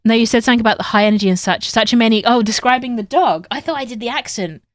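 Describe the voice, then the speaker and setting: A woman's voice: a little high, very fast, no room sound, clean studio sound. A young woman from England with a northern English accent, chatting casually with viewers on a sewing livestream. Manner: chatty, reads chat aloud and talks to viewers while sewing. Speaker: streamer.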